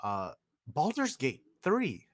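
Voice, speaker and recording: A man hosting a casual podcast, animated and joking, swearing often and calling people "dude". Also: medium pitch, slow pace, dry recording, studio quality. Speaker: podcast host.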